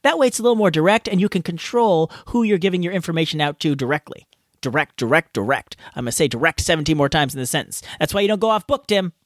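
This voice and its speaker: A man's voice: high voice, lively intonation, very fast, few pauses, no room sound. A man hosting a podcast, chatting through his outtakes in a goofy, playful, self-mocking way from a hot home garage. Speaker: podcast host. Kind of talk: casual outtakes chat.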